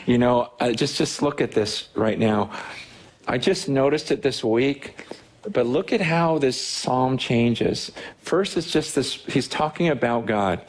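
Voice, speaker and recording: A man preaching a sermon as pastor, earnest and animated, slow when reading scripture and quick with restarts when he speaks freely. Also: slightly rough. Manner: animated, earnest, with many restarts and rising pitch when excited. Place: church sanctuary.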